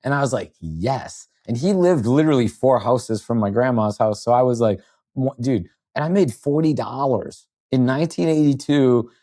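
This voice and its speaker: A man's voice: medium pitch, no echo. 50s guy on a podcast, telling old stories, acts out the quotes, dead dry sound. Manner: rambling, animated anecdotes with quoted voices. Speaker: podcast guest. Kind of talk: storytelling in casual chat.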